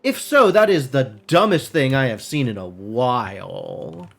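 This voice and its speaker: A man's voice: mid-range voice, sing-song, measured pace. A man streaming a game live, thinking aloud in casual, rambling commentary full of "like" and puzzled questions to himself.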